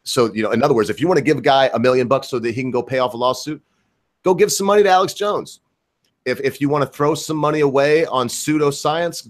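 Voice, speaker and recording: A man hosting a live-stream talk show in a brash, rambling, joking way, reading out viewer questions. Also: mid-range voice. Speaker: host.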